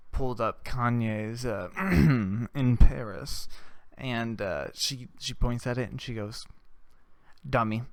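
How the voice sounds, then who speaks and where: A man's voice: medium pitch, fairly bright tone, clean tone, no room sound. A young adult man hosting a podcast. He tells stories in a loose, casual monologue, swears a lot and laughs at his own tales. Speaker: podcast host.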